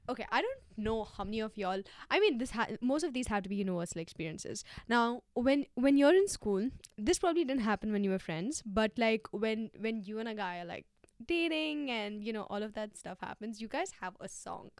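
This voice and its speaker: A young woman hosting her own podcast, chatting casually in an animated, slangy way. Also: a little high, fairly quick, no room sound, clean studio sound. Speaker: podcast host. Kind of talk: casual solo podcast chat.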